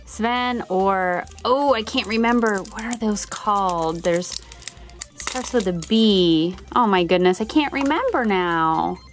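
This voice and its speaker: A woman's voice: medium pitch, animated, takes it slowly, soft background music. A woman hosting a toy unboxing video, bubbly and giggly, gushing over each toy she opens. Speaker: toy channel host.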